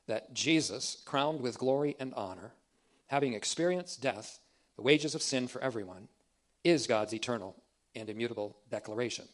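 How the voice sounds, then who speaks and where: A man teaching a theological sermon, deliberate and emphatic, repeating key phrases for emphasis. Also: lowish voice. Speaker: preacher.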